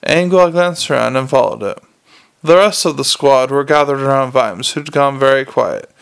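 A man's voice: medium pitch, normal speed, gravelly, smooth. A man narrating a novel aloud in a plain, unpolished reading with frequent restarts. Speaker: audiobook reader.

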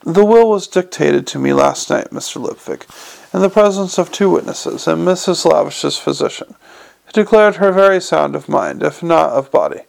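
A man voicing a dry, pedantic old zombie lawyer in a slow, formal, gravelly hushed voice. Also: fairly high pitch.

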